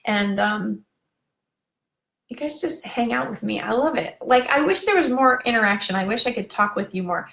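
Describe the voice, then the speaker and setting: Woman coach, live casual chat, gravelly voice in an echoey room. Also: on the high side, lively intonation, moderate pace, fairly bright tone. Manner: chatty and gushing, wanders off on tangents. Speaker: parenting coach hosting a live video talk.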